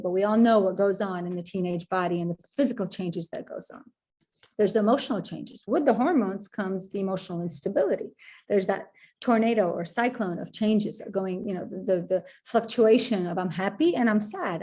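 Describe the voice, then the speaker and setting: A middle-aged woman leads an online parenting workshop. Her voice is warm and mellow, and she talks in an easy, conversational way, often circling back and restarting phrases. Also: medium pitch.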